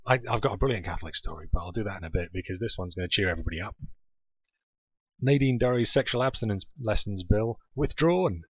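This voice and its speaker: Husky man reading news sarcastically. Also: lowish voice, expressive, quick pace, no room sound. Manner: reads news items aloud with sarcastic asides. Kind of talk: casual chat. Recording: dull lo-fi podcast audio.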